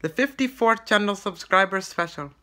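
Vlogger, comic in-character rant, bright edge, stammering, put-on broken English. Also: medium pitch, expressive. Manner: halting and rambling, full of stammered restarts. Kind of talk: comedic vlog monologue in character.

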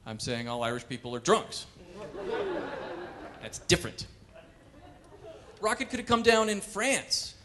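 A man performing wry, animated stand-up comedy on a cultural center stage. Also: high voice, a little slow, long pauses, a crowd in the background. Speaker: comedian and pianist.

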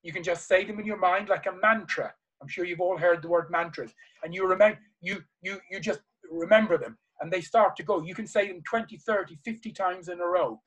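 This man races through a motivational seminar for a live audience, briskly and with hardly any pauses, passionately repeating key phrases. His voice is high-pitched, husky and fairly bright, and the audio is poor.

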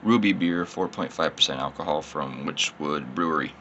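A man's voice: very deep voice, normal speed, bright, forceful tone, muffled recording, slight background noise. A man, slightly tipsy, rambling casually through a beer tasting in his vlog and poking fun at himself. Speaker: beer reviewer.

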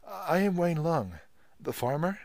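A man's voice: fairly high pitch, lively intonation, normal speed, dry recording, voice pushed up, natural voice. A man doing a stammering, timid farmer. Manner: faltering, nervous, stammering. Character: timid young male farmer, bridegroom.

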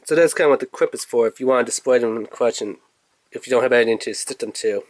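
A man casually reviewing and unboxing a toy, chatty and rambling, with bursts of excitement. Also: medium pitch, racing, dry recording. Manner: chatty, rambling with fillers, excitable when revealing toys.

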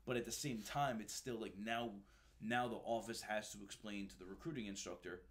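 Lowish-voiced guy telling wild recruiting stories, lots of dude and bro, swears a bunch. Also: brisk. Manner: animated, swears freely, says "dude" and "bro" often. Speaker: guest, former Marine recruiter. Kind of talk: casual storytelling.

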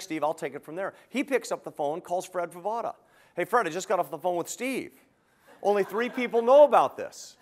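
An older man teaching hotel sales, telling a story and acting out both sides of his phone calls. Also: sits high.

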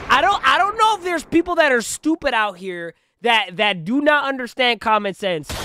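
A man reacting to a video as a streamer, talking in a loud, incredulous, profane riffing way. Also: very high-pitched, slight background noise. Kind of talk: casual reaction commentary.

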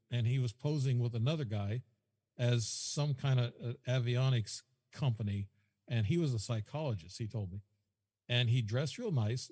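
Rambling male guest storyteller, husky, long echo. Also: medium pitch, darkish tone. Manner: rambling, repeats himself, quotes dialogue. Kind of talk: casual storytelling.

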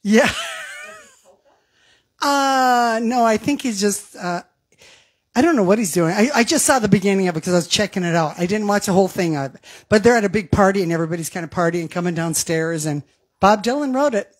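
A woman's voice: mid-range voice, a little fast. Chatty woman singer hosting a show. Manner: chatty, laughs, reads out viewer comments. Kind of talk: casual chat between songs. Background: backing music.

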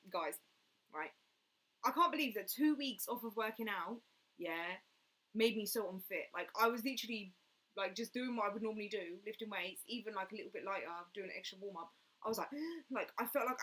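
A woman's voice: medium pitch, fast, pushed and bright. A young woman hosting a casual fitness live stream, chatting and answering viewer comments with lots of "like" and "mate".

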